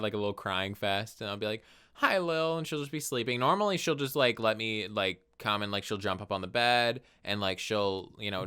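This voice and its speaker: A young man co-hosting a podcast in casual chat, animated and quick to laugh, swearing casually. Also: on the low side, clean tone. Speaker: podcast co-host.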